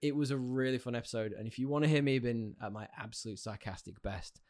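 A man's voice: medium pitch, fast talker, a little mellow, dry recording, studio quality. A British man co-hosting a podcast, chatty and teasing in casual conversation. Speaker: podcast co-host. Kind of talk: casual chat.

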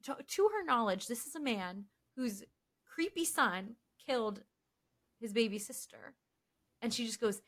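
Animated woman podcast co-host. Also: fairly high pitch, measured pace. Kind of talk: casual recap chat.

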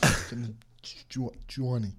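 A man's voice: mid-range voice, fairly even intonation, normal speed, fairly bright tone, breathy edge, pitched below the performer's own voice. A man putting on a clumsy impression of an Italian mafia boss, stumbling over words and barking orders. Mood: blustering. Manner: faltering, breaking into laughter, barking orders.

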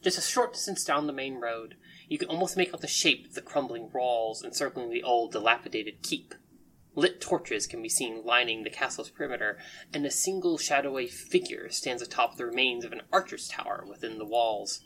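A woman narrating as game master of a tabletop game, relaxed and descriptive. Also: rumbling low, moderate pace, slight background noise, rough recording. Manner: relaxed, descriptive, with casual fillers.

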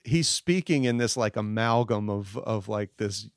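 A man's voice: lowish voice, measured pace, dry recording, clean studio sound. A man talking casually as a podcast guest, rambling with many fillers and restarts. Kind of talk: casual chat.

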